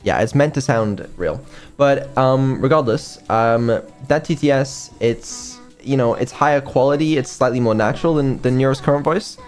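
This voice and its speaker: A developer streams casually, his live-stream chat hesitant and full of ums, with some casual swearing. His voice is medium-pitched at normal speed, and faint music plays behind him.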